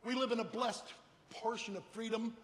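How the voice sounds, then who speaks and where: An older man giving a humorous motivational keynote speech, animated storytelling and rhyming slogans. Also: very high voice, normal speed. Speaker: keynote speaker. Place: large hall with an audience. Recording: echoey hall, faint noise.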